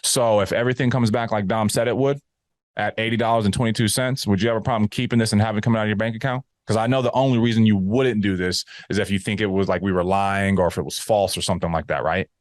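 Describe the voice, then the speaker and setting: A man's voice: lowish voice, fairly even intonation, quick pace, dry recording, clean studio sound. A man talking casually and emphatically as he mentors a new insurance agent, often acting out sales calls. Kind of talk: casual coaching talk.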